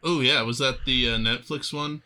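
A man with a mid-range voice and a very bright, sharp tone, chatting casually. He talks in a relaxed, hesitant way and fills his pauses with "um" and "kinda". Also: medium pitch, faint music behind, rough recording. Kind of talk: casual chat.

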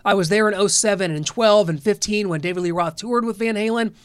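A man's voice: sits high, brisk, smooth, no room sound. A man from the American Midwest hosting a rock podcast in a chatty, upbeat, rambling way. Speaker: podcast host. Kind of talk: casual chat.

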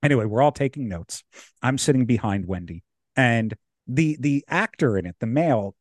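A young man and podcast co-host, telling a story in casual chat, animated and laughing as he acts out the people in it. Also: medium pitch, moderate pace, dry recording, clean studio sound.

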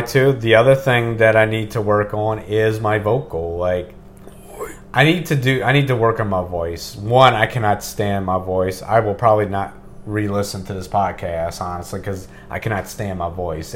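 Low-voiced man rambling casually on a podcast. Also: normal speed. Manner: relaxed, rambling, swears casually. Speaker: podcast host. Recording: faint background hiss.

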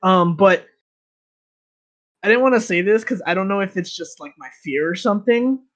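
Man, higher voice, jumpy listener on a call, nervous laughter. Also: expressive, moderate pace, pauses often, a bit bright. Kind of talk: casual chat.

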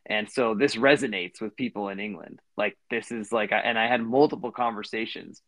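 A man's voice: fairly low pitch, steady tone, normal speed, fairly bright tone, no room sound. A man in his thirties co-hosting a podcast, telling a long story in a rambling way with lots of fillers and restarts. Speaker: podcast co-host. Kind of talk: casual storytelling chat.

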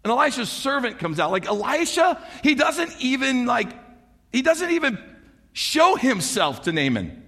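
A man preaching a sermon in an animated, conversational way, with frequent rhetorical questions to the congregation. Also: extremely high pitch, normal speed, in a large hall.

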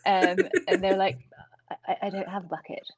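A middle-aged woman with a Scottish accent, telling stories in an animated way and laughing often in a casual interview. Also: mid-range voice, normal speed, no room sound. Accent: Scottish, Glasgow area. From Scotland. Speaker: guest. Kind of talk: casual conversation.

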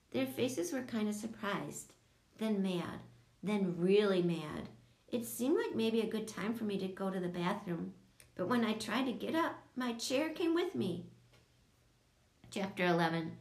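A woman's voice: mid-range voice, echoey room. A woman narrating a children's audiobook, switching into voices for each character.

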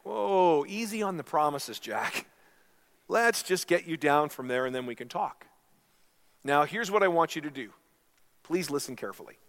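A pastor voicing God as a relaxed, gently firm male voice calling down to a man on a cliff. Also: a little high, normal speed. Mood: calm. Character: calm, patient male God speaking from above.

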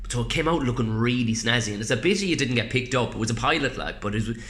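An Irish man chatting casually as a podcast guest, swearing freely and telling animated stories before a gig. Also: medium pitch, quick pace. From Ireland. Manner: swears a lot, animated storytelling. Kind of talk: casual chat. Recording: roomy echo.

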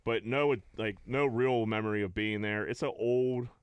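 A man in his thirties from the Pittsburgh area, chatting on a podcast with a smooth, clear voice. He tells loose, rambling stories full of crude jokes. The sound is close and dry. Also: fairly low pitch, fairly even intonation, moderate pace, no echo. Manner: rambling, laid-back storytelling with crude jokes. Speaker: podcast co-host. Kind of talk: casual chat.

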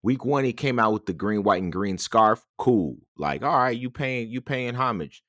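A man co-hosting a podcast, venting in animated, exasperated bursts that trip over repeated words. His voice sits at an ordinary middle pitch. The sound is close and dry, with no room echo. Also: moderate pace. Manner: animated, exasperated ranting with many restarts. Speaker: podcast co-host. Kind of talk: casual chat.

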